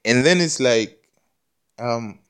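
A man with a mid-pitched voice talks through a loose, preachy spiritual monologue. He stumbles over repeated words, swears casually and keeps checking "you understand me?" as he builds himself up. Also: lively intonation, takes it slowly, clean tone. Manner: self-affirming, preachy, often asks "you understand me?".

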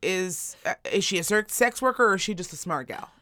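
Her lowish voice moves at a brisk clip as she co-hosts a casual podcast, swearing freely and spinning energetic, blunt stories. There's no echo, just clean studio sound.

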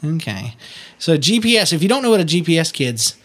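Brief: playful dad host, lively swinging voice, casual family chat with his kid. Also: on the high side, fairly quick, over a noisy crowd. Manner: playful, teasing, laughs easily. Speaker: parent and video host.

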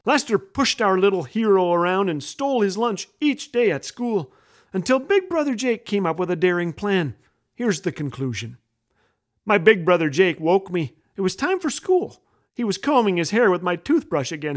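A man's voice: high voice, big pitch swings, moderate pace. A middle-aged man hosting a radio show, telling a humorous story with wry, self-deprecating jokes.

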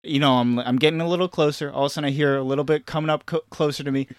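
A man tells a rambling story to friends in a casual chat, jumping into loud acted-out quotes. His voice sits a little high. The sound is close and dry. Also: very fast, smooth, no echo. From Boston area. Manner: animated storytelling, acts out quotes loudly.

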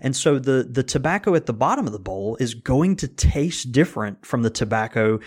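A man co-hosts a casual podcast, explaining at length with lots of restarts and quick laughs. His voice moves up and down with a lively range as he talks. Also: medium pitch, slightly rough. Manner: rambling, many restarts, laughs often. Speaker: podcast co-host, pipe tobacco blender. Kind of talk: casual chat.

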